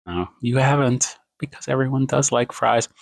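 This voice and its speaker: A man ranting to his phone camera at home late at night, rambling and self-mocking, swinging his pace and pitch for emphasis. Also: normal speed, vocal fry, no echo. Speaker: TikTok creator.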